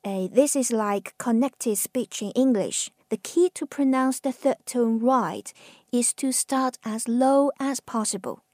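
A woman from China with a Chinese accent, teaching Mandarin tones with patient, drawn-out model words. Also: on the high side, a little mellow, no echo, clean studio sound. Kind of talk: slow pronunciation lesson.

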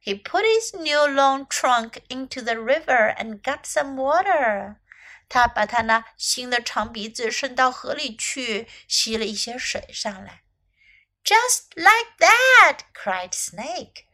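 A woman teacher reading a children's story aloud in two languages with a gentle storytelling delivery. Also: a little high, lively intonation, measured pace. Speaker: English teacher.

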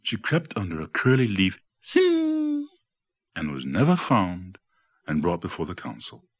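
A man reading a children's picture book aloud as the storyteller, with expressive delivery and playful sound effects. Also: sits low, moderate pace, breathy edge.

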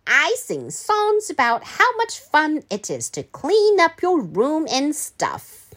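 Woman doing a prim, self-important governess for a storybook read-aloud; high, swooping, sing-song delivery. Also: wildly swooping pitch, slow pace, a bit bright, heavily acted. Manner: grand, sing-song, affectedly polite. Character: prim, overly proper female cat-sitter governess.

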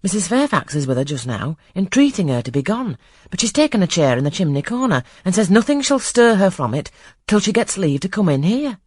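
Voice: medium pitch, very animated, fairly quick, breathy edge, no echo, clean studio sound, pitched above the performer's own voice. A reader voicing an anxious male footman in a storybook reading, speaking deferentially.

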